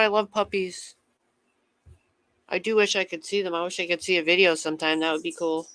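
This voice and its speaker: Bright-voiced man rambling on a livestream. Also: high voice, level tone, a little fast, long pauses, smooth, no room sound. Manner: rambling, swears casually, chats with viewers. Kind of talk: casual livestream chat.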